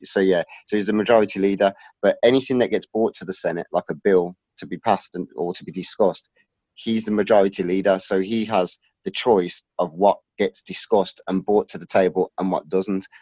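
A man with a very low voice, rambling through his point as he hunts for the right words. The sound is close and dry, with no room around it. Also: steady tone, a little fast, a little mellow, no echo, muffled recording. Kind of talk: casual chat.

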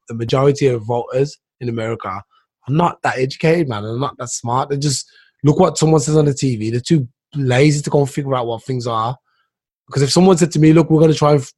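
A man's voice: mid-range voice, darkish tone, breathy edge. A young man hosting a casual podcast chat, opinionated and full of "dude" and "man". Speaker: podcast host.

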